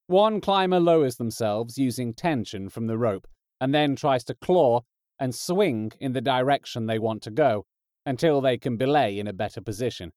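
A man narrating an audiobook in a steady, measured storytelling voice. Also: medium pitch, no echo, clean studio sound.

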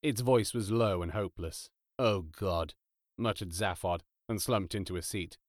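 A man narrates an audiobook in a wry, dry manner. His voice sits somewhat low. The recording is close and without room sound. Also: normal speed, dry recording.

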